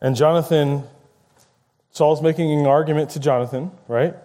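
A man's voice: on the high side, steady tone, normal speed, warm tone. A man preaching a conversational sermon, paraphrasing scripture and acting out quoted lines with rising emphasis.

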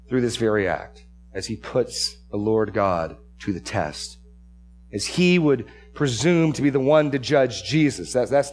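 A male pastor works through a scripture passage in a sermon. His voice sits at an ordinary middle pitch, and he leans hard on key words, often doubling them as he restarts. Faint music plays quietly behind him. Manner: repeats words and restarts, stresses key phrases. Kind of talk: expository sermon.

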